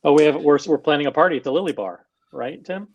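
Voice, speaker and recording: A man on a casual panel, giving his view in a measured, slow, hedging way with many fillers. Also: fairly high pitch, darkish tone, highs cut off. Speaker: panel guest.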